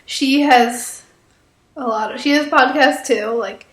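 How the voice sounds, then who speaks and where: A woman's voice: high-pitched, slow pace, fairly bright tone, echoey room. A teenage girl co-hosting, stuffy from a cold, talking hesitantly with lots of fillers and giggles. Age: teens. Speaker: co-host. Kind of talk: casual interview chat.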